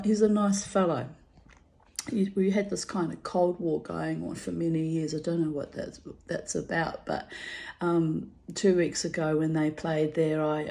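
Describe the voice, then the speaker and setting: A woman's voice: low voice, mellow. Chatty older woman telling stories. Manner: chatty, laughs often, lots of fillers. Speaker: vlogger. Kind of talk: rambling personal storytelling.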